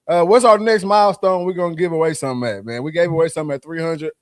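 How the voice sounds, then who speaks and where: Higher-voiced podcast host, dry sound. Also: male voice, racing, smooth, no room sound. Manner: laid-back, hypes the chat and giveaways. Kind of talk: casual podcast chat.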